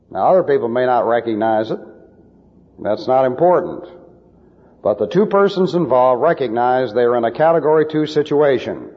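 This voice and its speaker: A man's voice: medium pitch, in a large hall, lo-fi sound. A male preacher giving emphatic, lecture-style Bible teaching with numbered points.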